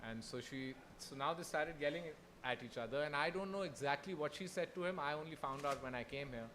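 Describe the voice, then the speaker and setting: A young man from Pakistan telling his own story on a festival stage, earnest and halting, with many restarts. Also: a little high, a bit bright, a little hiss or hum. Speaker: festival speaker. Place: festival hall.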